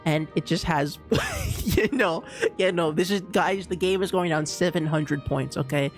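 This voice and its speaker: Bermudian-accented streamer, animated and exasperated, mid-pitch, faint game music underneath. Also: measured pace. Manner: animated, exasperated ranting with frequent laughter. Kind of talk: casual gameplay commentary.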